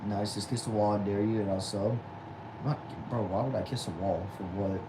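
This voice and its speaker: A man's voice: on the low side, fairly even intonation, moderate pace, background noise. A man, reading chat aloud on a casual livestream from a small back room at home and answering with dry, easygoing replies. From Texas. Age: 20s.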